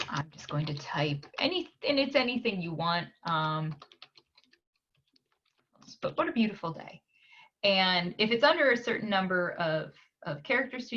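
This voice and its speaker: Slow, unhurried woman with a lower voice. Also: muffled recording. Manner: unhurried, frequent "um" pauses while clicking. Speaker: library staff tutor. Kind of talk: screen-share software tutorial.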